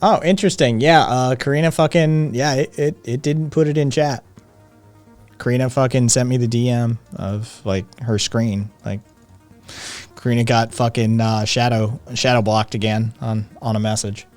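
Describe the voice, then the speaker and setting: A man's voice: medium pitch, fairly even intonation, normal speed, darkish tone, soft background music. Profane, laughing male stream host. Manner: loose, profane, laughing banter. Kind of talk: casual live-stream chat.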